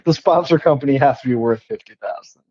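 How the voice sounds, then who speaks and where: A man's voice: medium pitch, quick pace, darkish tone, no echo, muffled recording. A man co-hosting a podcast, recapping a movie in casual chat, laughing and mocking it while swearing often. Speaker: podcast co-host.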